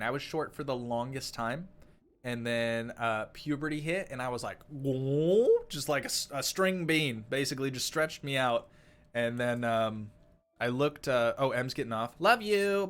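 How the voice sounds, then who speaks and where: A young man with a cold, streaming a game and chatting casually with viewers in a rambling, self-mocking way, often clearing his throat. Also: mid-range voice, a bit bright. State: sick with a cold. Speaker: gaming streamer. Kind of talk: casual live-stream chat.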